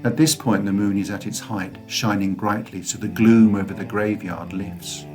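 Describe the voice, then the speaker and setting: A man narrating a fantasy audiobook in a slow, expressive storytelling voice. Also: lowish voice, soft background music.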